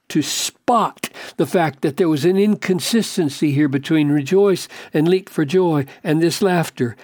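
A man preaching a sermon, slow and emphatic, posing searching questions. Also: medium pitch, a little mellow, no echo, clean studio sound.

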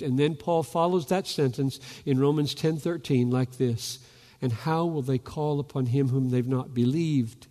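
A man's voice: medium pitch, normal speed. Man preaching a fervent sermon in a hall. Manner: fervent, rising to loud calls. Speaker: pastor. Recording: long reverb of a large hall.

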